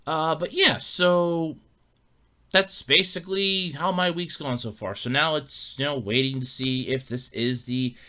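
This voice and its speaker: A man's voice: fairly high pitch, fairly even intonation, unhurried, pushed and bright. A man hosting his own podcast, telling a rambling, exasperated story in casual talk and swearing freely. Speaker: podcast host. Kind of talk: casual solo monologue.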